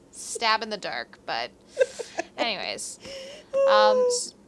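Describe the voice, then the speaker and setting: A woman's voice: on the high side, huge pitch swings, drawn-out words, creaky, heavy background noise. A young woman co-hosting a podcast, telling a history story in a chatty, rambling, slightly profane way. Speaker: podcast co-host. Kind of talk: casual storytelling chat.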